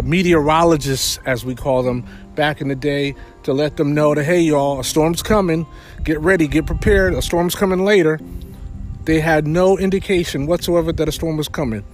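A man preaching a sermon in a conversational way, retelling a Bible story with frequent fillers. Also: fairly high pitch.

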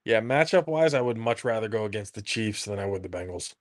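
A man's voice: lowish voice, animated, fairly quick. A man co-hosting a podcast, chatting casually about football in an emphatic, profane way and laughing often. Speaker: podcast co-host. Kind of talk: casual sports chat.

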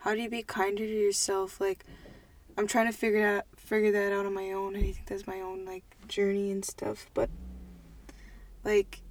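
A woman's voice: medium pitch, monotone, normal speed. Twenties woman, casual podcast co-host, thinks aloud, plenty of "like". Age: 20s. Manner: chatty, lots of "like", thinks out loud.

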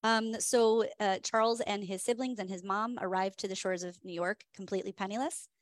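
A woman hosts a tasting and tells its history in an eager, chatty way, dropping frequent fillers. Her voice sits at an ordinary middle pitch. The sound is dry and close, with hardly any room echo. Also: steady tone, a little fast. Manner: chatty, many "um" fillers, enthusiastic. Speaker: whiskey tasting host. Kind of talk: casual storytelling presentation.

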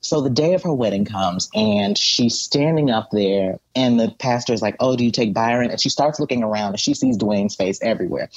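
A man co-hosting a podcast, recapping a TV show in a casual, animated way and acting out the characters' lines. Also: lowish voice, moderate pace, few pauses, no echo, dull audio. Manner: animated storyteller who acts out characters' voices. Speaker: podcast co-host.

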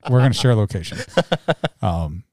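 Male co-host, mellow warm tone, dry close sound, playful banter. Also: dry recording. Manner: jokey and animated, quick pitch jumps. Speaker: podcast co-host, church staff. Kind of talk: casual chat.

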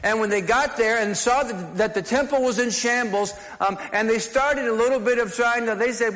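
High-voiced preacher in a reverberant hall. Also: male voice, moderate pace, few pauses, fairly bright tone. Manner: conversational preaching with frequent restarts and repeated words. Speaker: pastor. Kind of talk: sermon.

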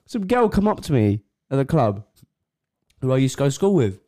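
A young man co-hosting a casual chat podcast, his pitch bouncing up and down as he talks. He laughs often and acts out the people in his stories. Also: a little fast. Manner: giggly, lively storyteller. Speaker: podcast co-host.

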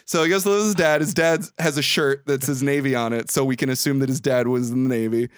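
A man's voice: medium pitch, fairly even intonation, quick pace, no room sound, studio quality. A man co-hosting a podcast, casually recapping a movie, rambling and laughing often. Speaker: podcast co-host.

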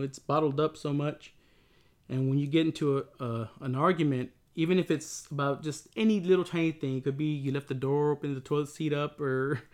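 Reflective man, mid-high voice. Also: a little mellow. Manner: rambling, reflective, many restarts. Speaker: co-host talking with his wife. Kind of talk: casual relationship talk.

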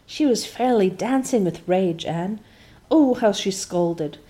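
A woman's voice: mid-range voice, animated, slow pace, warm tone. A woman doing a frank, spirited young girl. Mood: indignant. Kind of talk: audiobook character voice.

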